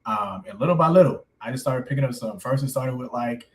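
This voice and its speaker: A man in his thirties tells his life story in a relaxed interview. He laughs often and keeps dropping "man" and "you know what I'm saying" as he goes. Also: mid-range voice, fairly quick, poor audio. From United States. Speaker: coffee shop owner, guest.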